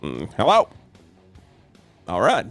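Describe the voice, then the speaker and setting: A man's voice: lowish voice, huge pitch swings, takes it slowly, gravelly, fairly bright tone, no room sound, soft background music, heavily acted. A man playing a folksy, rambling trucker who fills in as a radio host in an improvised comedy parody, easily sidetracked.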